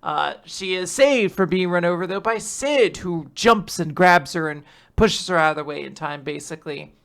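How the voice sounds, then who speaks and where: Podcast host, casual recap, rambling, laughs a lot, bright voice. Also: medium pitch, moderate pace, creaky.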